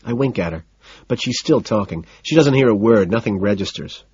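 A man narrating a novel in the first person in a cool, detached, deadpan manner. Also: fairly low pitch, brisk, husky, no echo, dull audio. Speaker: audiobook narrator.

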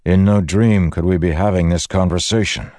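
A man voicing a grave old warlord, very deep. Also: steady tone, moderate pace, darkish tone, dry recording, clean studio sound, close to an everyday voice. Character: weathered older male warlord, grave, measured.

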